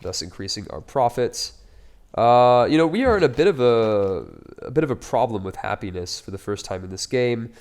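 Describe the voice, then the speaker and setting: A man's voice: medium pitch, animated, moderate pace, a little mellow. A man casually commenting on his own strategy game playthrough, upbeat and chatty with wry, joking asides. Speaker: let's play host.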